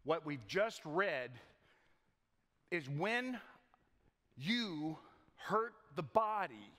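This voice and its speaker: A man's voice: a little high, sing-song, extremely slow, sharp tone. A male pastor preaching a conversational sermon in a church, with folksy joking asides and frequent repeated words. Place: church sanctuary. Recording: long church reverb.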